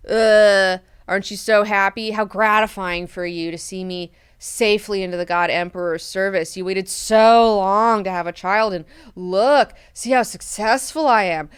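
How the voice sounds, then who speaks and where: A woman's voice: medium pitch, normal speed, a bit bright, smooth, no echo, studio quality, natural voice. A woman voicing a defiant, sarcastic young female commander who talks in a catty, mocking, profane way.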